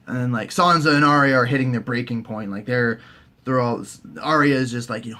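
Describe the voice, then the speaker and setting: A young man, recapping a TV season in a casual, profane, jokey way and slipping into quick silly character voices. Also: mid-range voice, bright, forceful tone. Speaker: recap host.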